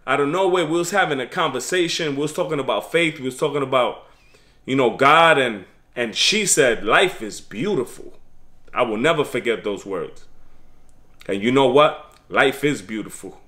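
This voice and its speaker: A man's voice: medium pitch, moderate pace, sharp tone. A man giving preachy, streetwise life advice in a casual motivational monologue.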